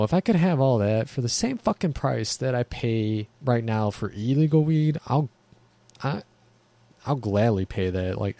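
A man's voice: fairly low pitch, a little mellow, no echo. A man ranting casually to camera in a blunt, profane, rambling way.

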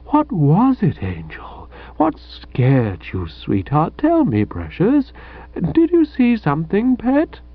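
A man doing a lovestruck, peevish young gentleman. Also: sits high, wildly swooping pitch, moderate pace, few pauses, no echo, highs cut off, voice pushed up. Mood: doting.

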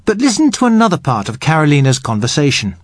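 A man working as an English teacher, explaining grammar to learners in a patient, measured way. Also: fairly high pitch, huge pitch swings, a little hiss or hum.

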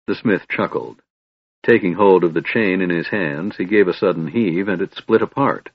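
A man narrates a fantasy audiobook in a measured, steady delivery. His voice is fairly low and husky, recorded close and dry, with slightly dull audio. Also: no echo.

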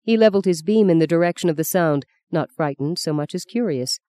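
Reading from a literary novel, the narrator keeps a steady, measured storytelling manner. Their medium-pitched voice sounds clear and resonant, and the recording has no echo.

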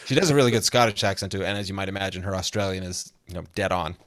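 A man's voice: low voice, racing, fairly bright tone, dry recording, clean studio sound. A man chatting as a podcast guest, rambling through asides and laughing often. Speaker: podcast guest, comedy songwriter. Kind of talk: casual interview chat.

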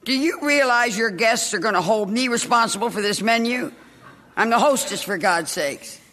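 A sharp-tongued middle-aged hostess. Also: female voice, fairly high pitch, expressive, normal speed, slight background noise. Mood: mocking. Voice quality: sarcastic, cutting. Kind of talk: radio drama acting.

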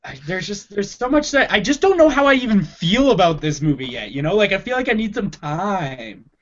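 A man's voice: high-pitched, big pitch swings, fairly quick, dull audio. A man co-hosting a movie podcast in casual chat, laid-back and swearing freely. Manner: laid-back, swears, says dude a lot. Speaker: podcast co-host.

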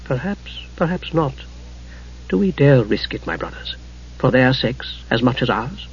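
Takhisis, a man voicing a hushed scheming goddess. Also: medium pitch, lively intonation, unhurried, slight background noise. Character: scheming dark goddess, sweet-voiced and mocking. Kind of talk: audiobook character reading. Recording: muffled lo-fi recording.

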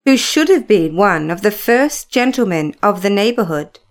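A woman reading a classic novel aloud as narrator, in an unhurried, measured storytelling manner. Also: medium pitch, very animated.

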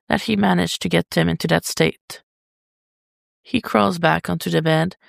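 A woman narrating fiction as a podfic in a steady, unhurried read. Her voice is strongly gravelly with fry. The sound is dry and close. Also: lowish voice, no echo. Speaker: podfic reader.

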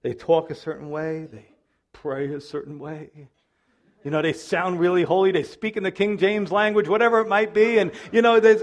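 A middle-aged man preaching a sermon as pastor, animated and acting out the voices of people he quotes, with self-deprecating humor. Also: sits high, fairly quick. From Italian-American background.

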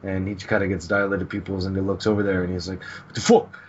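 A man's voice: low voice, completely flat delivery, quick pace, lo-fi sound, slight background noise. A man co-hosting a podcast, loosely retelling comic scenes and swearing now and then. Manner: narrates scenes loosely, with swearing and quoted lines. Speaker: podcast co-host. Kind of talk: casual chat recapping a manga.

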